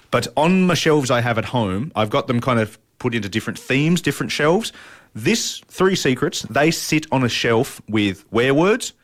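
Chatty man reviewing board games. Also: mid-range voice. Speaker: podcast co-host. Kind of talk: casual chat.

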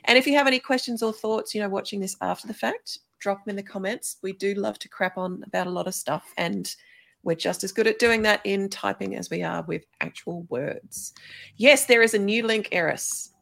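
A woman's voice: medium pitch, brisk, creaky, a bit bright. A woman, hosting a podcast in a breezy, joking way over a video call. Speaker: podcast host. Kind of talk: casual chat and sign-off.

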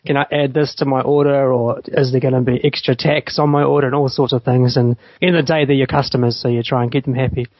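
A man's voice: medium pitch, flat delivery, fast talker, few pauses, dry recording. A man from New Zealand, a game designer, talks casually and modestly about his crowdfunding campaign. The sound is dry and close. It comes through a muffled radio line. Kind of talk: radio interview.

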